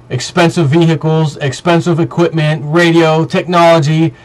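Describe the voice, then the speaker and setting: A man's voice: on the high side, rough recording. A man vlogging in a heated monologue, ranting emphatically and piling up repetitive lists.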